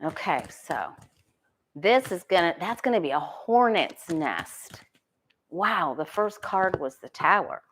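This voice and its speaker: A woman's voice: lowish voice, sing-song, takes it slowly, a bit bright, a little hiss or hum. Woman musing through a tarot reading. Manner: musing, asks herself questions aloud, frequent restarts. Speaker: tarot reader. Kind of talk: casual solo talk reading tarot cards.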